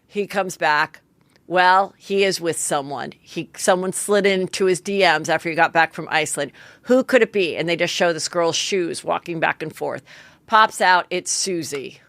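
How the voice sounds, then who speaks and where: A woman's voice: lowish voice, normal speed, vocal fry, fairly bright tone, dry recording. Chatty gossip lady recapping a show, does little voices, dead dry sound. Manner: chatty gossipy storytelling, acts out quotes. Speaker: podcast host.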